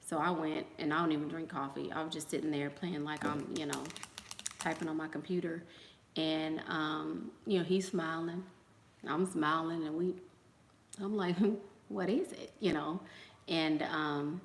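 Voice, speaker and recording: A livestream host with a low voice speaks in a steady tone at a measured pace, her words echoing around the room. Chatting casually with viewers, she tells gossipy stories, acting out quotes and drifting into fillers and trailing asides.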